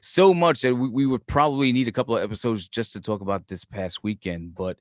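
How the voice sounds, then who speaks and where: A man's voice: medium pitch, fairly quick, dry recording, studio quality. A man with a Brooklyn accent co-hosting a podcast, telling stories casually with lots of swearing. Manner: profane, animated storyteller. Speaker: podcast co-host. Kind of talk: casual storytelling chat.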